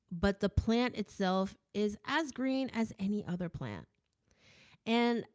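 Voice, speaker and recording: An American woman hosting her own show, reading viewer comments aloud and answering them in a casual, emphatic chat full of rhetorical asides. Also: mid-range voice. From United States.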